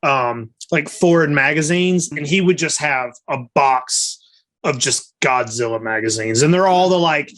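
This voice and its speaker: This is a man hosting a podcast in a loose, conversational way, sharing news and chatting with his co-host. His voice sits a little high for a man, and his tone stays easygoing. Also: measured pace. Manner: friendly, relaxed, announces plans. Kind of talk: casual podcast chat.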